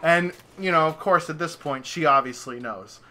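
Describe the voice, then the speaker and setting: A young man, a podcast host, telling a story in casual chat, animated and profane, acting out his own reactions. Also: fairly high pitch, moderate pace.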